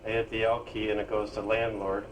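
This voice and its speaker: A man demonstrating his own screen reader program, explaining it in a halting way with pauses and fillers. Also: fairly low pitch, level tone, slight background noise, low-quality recording. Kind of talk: casual software demonstration.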